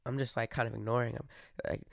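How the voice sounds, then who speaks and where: A man's voice: medium pitch, little pitch movement, quick pace, gravelly, no echo, clean studio sound. A young man hosting a casual monologue, rambling with many fillers and restarts. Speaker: podcast host.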